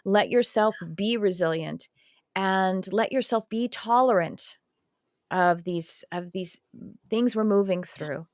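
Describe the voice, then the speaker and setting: A woman chatting on a podcast, telling a story in a rambling, animated way and correcting herself mid-sentence. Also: medium pitch, takes it slowly, no room sound, studio quality. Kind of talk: casual podcast chat.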